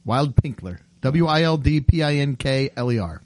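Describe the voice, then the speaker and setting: A man's voice: mid-range voice, expressive, normal speed, a little mellow, slight background noise. A man co-hosting a podcast in casual chat, playful and jokey. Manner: playful, jokey, slips into silly accents. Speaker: podcast co-host.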